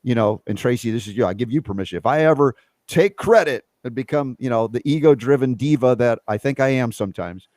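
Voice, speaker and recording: Man, host, earnest, reflective, medium pitch, dry close sound. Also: fairly quick, darkish tone, no echo. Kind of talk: casual spiritual conversation.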